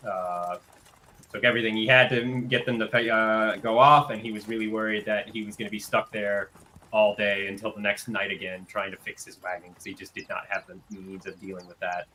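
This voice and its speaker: Bright-voiced male game master. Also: fairly low pitch, level tone, a little fast, a little hiss or hum, low-quality recording. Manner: casual, filler-heavy narration. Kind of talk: narrating a tabletop game.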